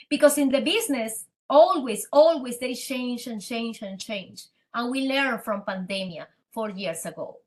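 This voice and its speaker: A woman with a Spanish accent, a native Spanish speaker, telling her story as a guest in a podcast interview in an animated, dramatic way. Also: fairly high pitch, a little slow, hardly any pauses. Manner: animated, dramatic, acts out quoted dialogue. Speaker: guest entrepreneur.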